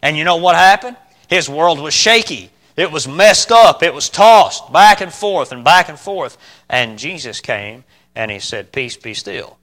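Male preacher, bright ringing voice, a bit high, loud emphatic bursts then quiet calm lines, rhetorical questions. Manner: asks the listeners rhetorical questions. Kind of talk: sermon.

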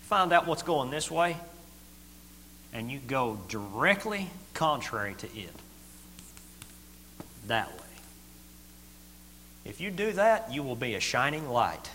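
A middle-aged man preaching a sermon in a folksy, plain-spoken way, swinging from loud to quiet. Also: medium pitch, very animated, moderate pace. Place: church hall. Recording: echoey hall with faint hum.

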